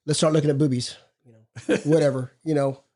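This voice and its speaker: A middle-aged man co-hosts a recovery podcast, and his voice is a little high, steady and warm, with a brisk pace. In the loose feel of a casual recovery group chat, he tells stories bluntly, casually and with plenty of profanity.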